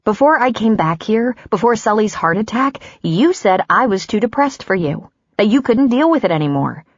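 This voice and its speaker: A woman's voice: medium pitch, expressive, normal speed, no echo, lo-fi sound, pitched above the performer's own voice. A woman narrator voicing a hurt, angry woman doctor who is ending a relationship, her voice raised and bitter. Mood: bitter, wounded.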